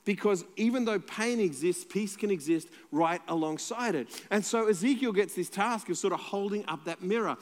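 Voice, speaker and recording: A man's voice: sits high, normal speed, few pauses, in a large hall. A man with an Australian accent, a pastor preaching a sermon in a conversational, playful way and joking with the congregation.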